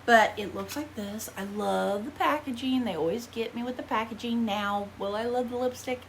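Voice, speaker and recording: In a haul vlog, an American woman tries on makeup and chats away casually, rambling and making fun of herself. Her voice is fairly high and at a normal speed, with a little hiss or hum in the recording.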